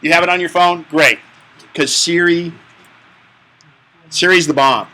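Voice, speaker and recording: A man's voice: a little high, a little slow, pushed and bright, rough recording. A man teaching a live tech class, explaining step by step in a chatty, joking way. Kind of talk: hands-on tech class instruction.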